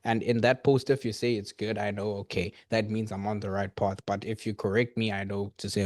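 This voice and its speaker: A man's voice: on the low side, flat delivery, brisk, hardly any pauses, a little mellow, no room sound, studio quality. A man on a group coaching call, speaking earnestly and rambling, with frequent restarts. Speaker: coaching client.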